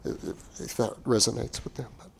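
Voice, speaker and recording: Preaching as pastor, this man speaks at medium pitch and normal speed with fairly even intonation and some vocal fry, and there's a little hiss or hum. His delivery is earnest, with repeated and restarted phrases that build to emphatic peaks and fall away to quiet.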